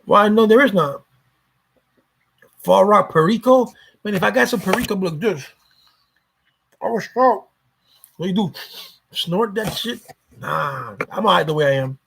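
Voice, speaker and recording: A man's voice: high voice, animated, unhurried, gravelly, long pauses, a bit bright, a little hiss or hum. A man talking casually to his vlog viewers, rambling and swearing freely, often repeating himself. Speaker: YouTuber.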